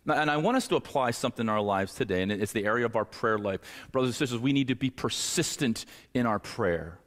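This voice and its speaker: A pastor with a medium-pitched, expressive voice talks fast as he preaches in a church sanctuary, earnest and now and then mimicking pleading voices. Church hall reverb surrounds the recording.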